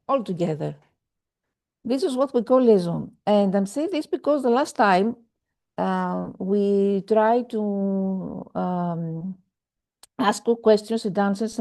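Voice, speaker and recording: Slow, mellow woman teaching French online. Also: mid-range voice. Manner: slow, hesitant, many fillers, repeats examples. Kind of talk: online language lesson. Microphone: video call.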